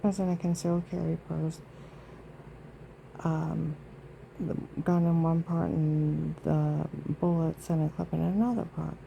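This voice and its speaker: A woman's voice: deep voice, flat delivery, unhurried, gravelly, warm tone, muffled recording, slight background noise. A woman vlogging in a rambling, indignant monologue, aggrieved and emphatic with many asides.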